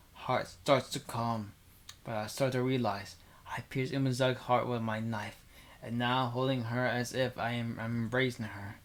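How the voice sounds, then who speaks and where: A young man reading a visual novel aloud into a desk microphone, breaking off for rambling casual asides. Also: mid-range voice.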